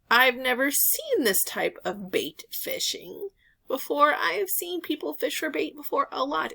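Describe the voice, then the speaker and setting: A woman's voice: on the high side, creaky, sharp tone. A woman in her thirties chatting casually to camera, rambling through a story with lots of filler words. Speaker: reseller vlogger.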